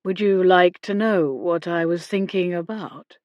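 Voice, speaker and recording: A woman doing a low-voiced teasing gentleman. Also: measured pace, dry recording, lo-fi sound, close to an everyday voice. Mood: flirtatious. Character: charming Regency gentleman, teasing and confident.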